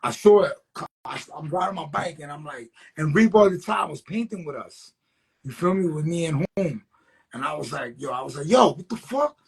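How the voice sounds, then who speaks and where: A man speaks in a husky, slightly raspy voice that sits a bit higher than most men's. He rambles through street stories in a loose, profane way, full of streetwise slang and constant check-ins with the listener. It sounds like a casual sit-down interview with a graffiti writer. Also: a little fast. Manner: loose, profane, streetwise, peppered with "you know what I'm saying".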